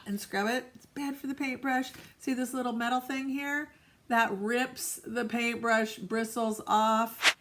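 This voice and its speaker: A woman teaching children a painting lesson in a playful, animated way, recorded on a tablet or phone in a school art room. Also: on the high side, normal speed. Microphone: tablet or phone camera.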